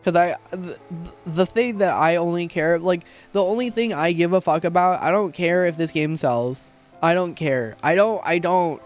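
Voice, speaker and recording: A man's voice: high voice, normal speed, soft background music. A young man streamer in casual livestream chat, rambling and heartfelt, with frequent swearing.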